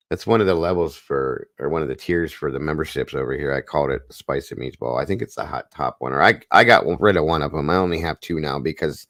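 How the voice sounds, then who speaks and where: A man hosting a live stream, chatting casually in a rambling, folksy way and clearing his throat now and then. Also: a bass voice, fairly quick, fairly bright tone, dry recording, clean studio sound. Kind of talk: casual chat.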